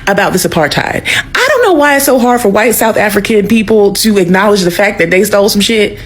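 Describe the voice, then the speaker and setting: A woman's voice: mid-range voice, lively intonation, fairly quick. A woman giving sassy, teasing commentary in a casual way.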